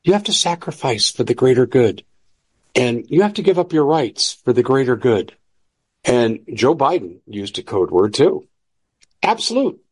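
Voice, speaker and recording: A man's voice: medium pitch, animated, moderate pace, breathy edge. A man hosting political commentary, talking in an emphatic, preachy and combative way. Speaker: host.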